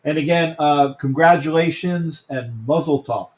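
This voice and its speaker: Male stream host, rambling and friendly with viewers, voice sits a bit high. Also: a little slow, a little mellow. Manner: chatty, repeats himself, greets viewers by name. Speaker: host of a sports talk livestream. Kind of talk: casual livestream chat.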